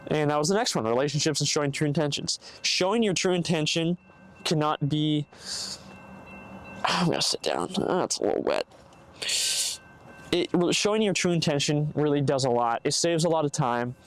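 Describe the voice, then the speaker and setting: A young man hosts a casual solo podcast, giving earnest, rambling advice and acting out hypothetical conversations. His high-ish voice is animated at normal speed with frequent pauses, and a bad mic picks up faint background noise.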